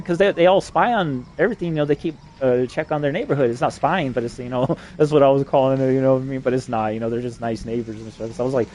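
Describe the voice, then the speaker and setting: A man's voice: medium pitch, a little mellow, slight background noise. A man rambling through a personal story in a profane, casual way. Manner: profane, rambling, fast-talking.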